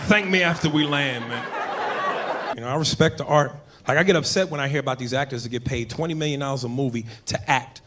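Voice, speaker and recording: A man's voice: mid-range voice, quick pace, a bit bright. A male stand-up comedian with a crude, brash, conversational delivery on a comedy club stage. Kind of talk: stand-up routine. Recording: live club recording with crowd noise.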